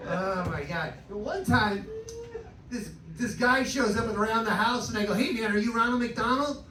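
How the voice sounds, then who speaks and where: In a distant, roomy and noisy live club recording, a man does a crude, self-deprecating stand-up set on a cabaret stage, working the crowd. He is a stand-up comedian whose high-pitched voice keeps a normal speed.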